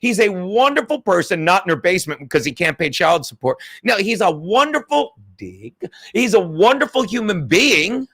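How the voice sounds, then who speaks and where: A high-pitched man with a bright, cutting voice, ranting on a livestream. He swears freely and fires back at viewer chats in a combative monologue. Middle-aged, quick to needle his audience. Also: sing-song. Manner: profane, combative, reading viewer chats aloud. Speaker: livestream host.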